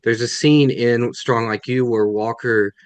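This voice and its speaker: A man's voice: mid-range voice, steady tone, measured pace, smooth, dry recording. A man, a guest author, answering questions on a video call in a thoughtful way, often restarting his sentences. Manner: thoughtful, self-correcting, many restarts. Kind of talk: webinar Q&A answers.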